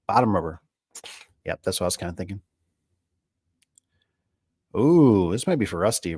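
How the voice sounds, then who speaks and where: Casting note: a lower-voiced small-business owner, a man, talking off the cuff, folksy and rambling, close dry sound. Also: darkish tone, dry recording. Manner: rambling, filler-heavy, folksy. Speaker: garage door business owner. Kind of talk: casual livestream chat.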